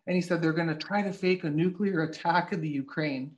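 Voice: mid-range voice, brisk. Blunt host with a dull, lo-fi sound. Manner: blunt, swears, decodes speeches line by line. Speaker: podcast host. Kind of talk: casual political talk show.

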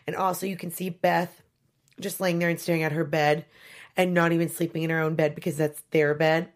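A woman co-hosts a relaxed talk show about a TV series, sitting a little low in her range. She gushes and chats along easily, with plenty of ums. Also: a little fast. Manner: chatty, gushing, many fillers. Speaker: podcast co-host. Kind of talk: casual chat about a TV show.

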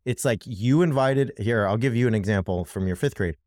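A man's voice: on the low side, a little fast, darkish tone, no room sound, studio quality. Impassioned man in political commentary. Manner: impassioned, emphatic, addresses co-host directly. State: worked up. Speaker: podcast co-host.

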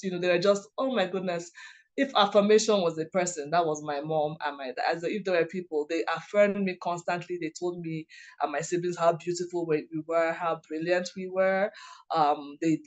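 Earnest woman sharing heartfelt memories. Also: lowish voice. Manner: heartfelt, earnest, full of "you know" fillers and restarts. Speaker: lawyer, policy worker and writing coach. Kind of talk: reflective personal storytelling.

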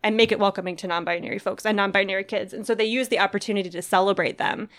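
A woman co-host chatting about books in a loose, rambling way, full of restarts and fillers. She talks with real feeling, growing close to tears. Her voice sits at an everyday middle pitch. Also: fairly even intonation, very fast, fairly bright tone. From Filipino heritage. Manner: emotional, tearful, rambling with many restarts. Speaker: podcast co-host recommending books. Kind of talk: casual chat.

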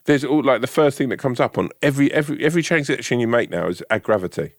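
A man's voice: medium pitch, fast talker, no room sound, studio quality. A man co-hosting a podcast in casual chat, telling stories animatedly and acting out the dialogue. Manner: animated storyteller, acts out dialogue. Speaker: podcast co-host.

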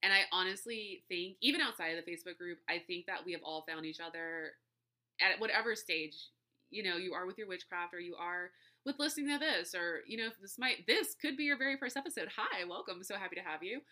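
A woman hosts a casual solo podcast, chatting warmly and at length to her listeners and laughing often as she goes. Her voice sits on the low side for a woman, yet comes across as strikingly bright and forceful. She slips in friendly slang like y'all as she talks. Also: a little fast. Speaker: podcast host.

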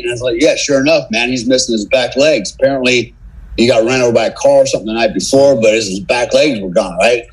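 A man's voice: medium pitch, husky, rough recording. A middle-aged man, a former special forces soldier appearing as a podcast guest, telling a story in casual conversation. He acts out the dialogue, laughs often and keeps checking in with "right?".

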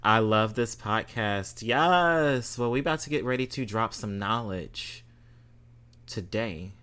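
A man hosts his podcast in an easy, unhurried drawl, reading listener reviews aloud. His voice is bright and crisp, sitting a little low. He keeps it playful and breaks into loud, exclamatory emphasis. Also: expressive. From Southern United States. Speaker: podcast host.

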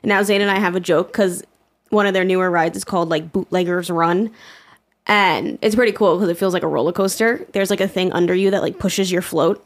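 A woman's voice: fairly low pitch, fairly even intonation, fairly quick. A woman in her twenties co-hosting a podcast in casual chat, talkative, swearing freely and laughing often as she acts out quotes. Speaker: podcast co-host.

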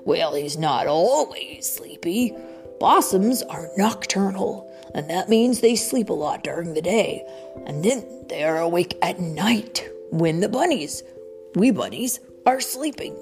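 Woman doing a gentle papa rabbit, patient, hushed, slow, storybook. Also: fairly low pitch. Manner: calm, patient explaining voice, often hushed. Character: gentle wise father rabbit explaining things. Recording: soft background music.

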